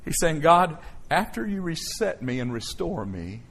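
A man preaching a sermon as pastor, emotional and emphatic, swelling from quiet to loud declarations. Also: on the high side, very animated, unhurried.

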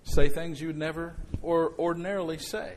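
Middle-aged male pastor, slightly high voice, animated sermon delivery, quiet one moment and loud the next. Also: moderate pace, a little hiss or hum. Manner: animated, conversational preaching with sudden loud outbursts.

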